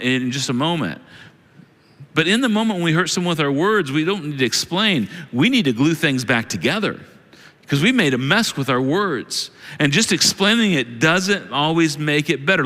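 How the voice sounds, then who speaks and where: A male pastor preaching in a big church hall, his bright, fairly high voice ringing with a long reverb. He swings his pitch widely as he plays out the excuses people make. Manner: acts out quoted excuses in animated voices. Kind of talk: sermon.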